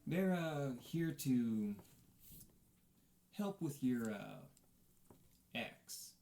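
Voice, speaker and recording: A man voicing a calm male town priest in a tabletop game, speaking with many hesitant pauses. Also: mid-range voice, vocal fry, voice pushed up, full character voice. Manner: hesitant, filler-heavy delivery.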